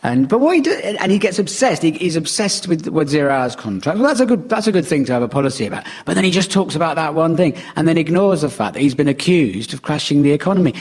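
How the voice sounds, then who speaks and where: A man's voice: on the high side, sing-song, fast talker, few pauses, darkish tone, slightly rough. A British man on a comedy panel, making dry, mock-reasonable arguments. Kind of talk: comic panel banter. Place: radio studio before a live audience.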